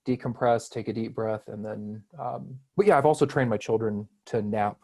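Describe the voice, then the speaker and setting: Mellow-voiced man musing as a podcast guest. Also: fairly low pitch, fairly even intonation, moderate pace, vocal fry. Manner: reflective, rambling, self-deprecating humor. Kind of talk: casual conversational interview.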